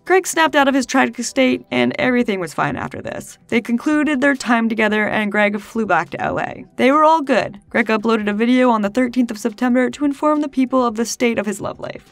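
A woman's voice: a little high, no echo. A woman narrating a documentary with sarcastic, mocking commentary. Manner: sarcastic, mocking, laughs through the telling.

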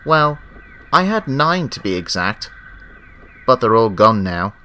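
A man's voice: medium pitch, sing-song, slow, sharp tone, full character voice. A man doing a small, solemn little engine. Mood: sad. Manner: solemn, emotional. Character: small, earnest young male tank engine.

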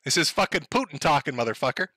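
A man doing a swaggering world leader who swears and blusters through every sentence, his voice bright and tense. It sounds dry and close, with no room around it. The bluster is played in a near-everyday voice rather than a true transformation. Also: fairly high pitch, expressive, quick pace, no echo. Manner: profane, blustering. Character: crude gruff male world leader ranting.

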